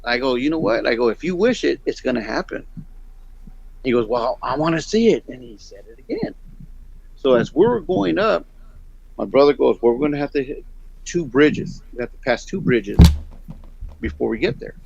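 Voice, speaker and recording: A man's voice: medium pitch, moderate pace, gravelly, pauses often, a little hiss or hum. A middle-aged man telling a long story in a casual, rambling way and acting out the other people's lines. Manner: rambling, animated, acts out the voices in his story. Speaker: guest storyteller. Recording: dull lo-fi sound.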